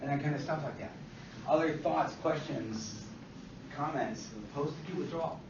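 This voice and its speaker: A man's voice: a little high, moderate pace, background noise. Emphatic male instructor in an echoey classroom. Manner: emphatic, repeats himself, asks the class questions. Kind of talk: classroom lecture. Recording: distant, echoey, dull classroom recording.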